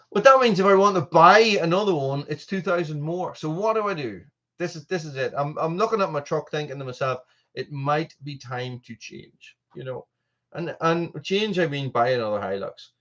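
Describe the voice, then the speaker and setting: A man's voice: fairly high pitch, a bit bright, highs cut off. An Irish man hosting a live stream, chatting casually while reading viewer comments, often restarting his sentences. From Ireland. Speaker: channel host.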